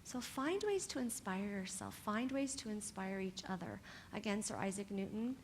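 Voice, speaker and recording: Animated woman coaching young dancers. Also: mid-range voice, moderate pace, slight background noise. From California. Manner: animated and encouraging, talks straight to the students. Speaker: dance workshop teacher. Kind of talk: motivational talk to young dancers.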